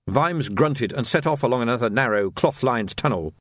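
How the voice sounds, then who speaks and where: A male audiobook narrator telling the story with lively, varied intonation. His voice sits at a middle pitch and is recorded dry and close, with no room sound. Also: moderate pace, few pauses, no echo.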